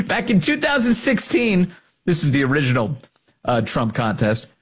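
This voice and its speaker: A man's voice: fairly high pitch, huge pitch swings, normal speed, slightly rough. A male host delivering combative political commentary, emphatic and fond of repeating his points for effect.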